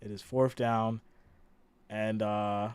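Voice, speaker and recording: A man's voice: fairly low pitch, flat delivery, takes it slowly, smooth, dry recording. A man in his thirties hosting a casual football reaction livestream, chatty and laid-back, repeating lines for emphasis. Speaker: livestream host.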